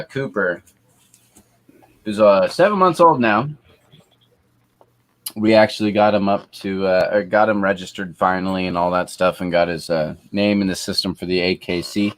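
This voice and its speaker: A man streaming a casual chat, swearing a lot and cooing softly to his dog. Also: deep voice. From Canada.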